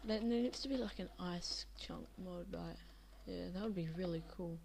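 A woman's voice: fairly low pitch, moderate pace, gravelly, darkish tone, slight background noise. A tired young woman rambling casually over a game she is playing, drowsy, with many fillers. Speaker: Minecraft video maker. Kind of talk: casual gameplay commentary.

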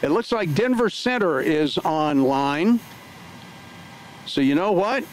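A man's voice: on the high side, animated, slow, a little hiss or hum, rough recording. A man livestreaming from his home flight sim setup, talking casually through each step with lots of filler words. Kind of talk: casual live play-by-play narration.

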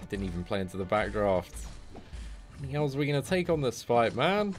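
A man's voice: mid-range voice, very animated, moderate pace, faint music behind. A man giving live commentary on a mobile game to his viewers, chatting with chat and breaking into sweary, frustrated outbursts. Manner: chats to his viewers between fights.

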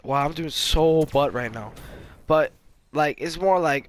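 Young male gamer, slightly higher voice, rambling casual commentary with trash talk, faint hiss behind. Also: normal speed. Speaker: gaming YouTuber.

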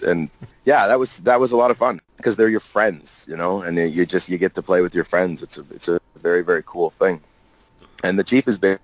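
A man with a very low voice chatting as a guest in an interview. He tells loose, joking anecdotes and keeps laughing. The sound is dry and close, with no room echo. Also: a little fast. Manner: jokey, laughing, many restarts. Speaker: guest actor. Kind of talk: casual interview storytelling.

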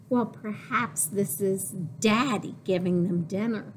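A woman librarian leading a baby storytime, singing rhymes and reading a picture book in an exaggerated, playful voice with sudden high squeals. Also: a little hiss or hum. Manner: slow, drawn-out and sing-song. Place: public library.

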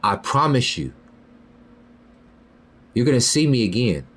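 A man in the middle of a ranting podcast monologue, his pitch leaping around in lively swings. He talks heated and profane, jumping up into loud high outbursts and then dropping low and muttering. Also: measured pace, slightly rough. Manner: heated, profane, repeats "you feel me" and "bro". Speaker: podcast host.

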